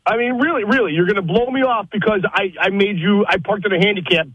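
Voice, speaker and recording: A man's voice: high voice, quick pace, fairly bright tone, breathy edge, no room sound. A man calling in to a radio show by phone, defending himself with nervous laughs and teasing. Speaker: caller. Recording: phone line, dull and dry.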